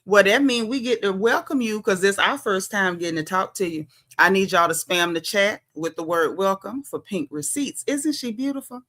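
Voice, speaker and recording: Bright-voiced sassy Southern woman. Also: mid-range voice, normal speed. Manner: chatty, sassy, greets viewers by name. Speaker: livestream host. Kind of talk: casual livestream chat.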